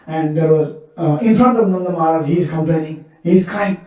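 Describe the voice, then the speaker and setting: A man's voice: fairly high pitch, fairly quick, warm tone. A man preaching in a temple, telling devotional stories earnestly with many repetitions. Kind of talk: sermon storytelling. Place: temple hall. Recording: echoey temple hall, mic far off.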